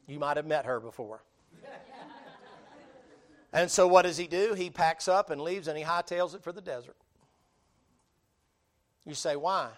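Animated high-voiced preacher, man. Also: moderate pace, pauses often. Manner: animated storytelling with colloquial drawl, dramatic quoted voices, laughs. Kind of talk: sermon.

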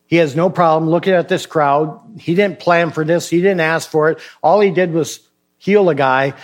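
Man preaching, slightly high voice, emphatic, pressing questions. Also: moderate pace. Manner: questioning, emphatic, acts out dialogues. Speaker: pastor. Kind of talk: sermon.

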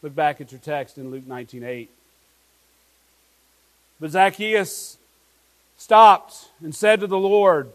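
A man's voice: fairly high pitch, slow pace, long pauses, low-quality recording. A pastor preaching an earnest sermon to his congregation, asking his listeners many questions.

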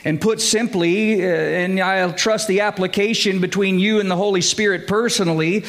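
A male pastor giving a conversational sermon, often checking in with his listeners with quick questions. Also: sits high, a bit bright.

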